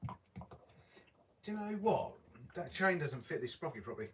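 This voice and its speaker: A man's voice: a little high, very animated, unhurried, recorded from a distance. A man chatting casually during a hobby build, making brief, matter-of-fact remarks. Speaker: co-host helping with the build. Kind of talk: casual chat.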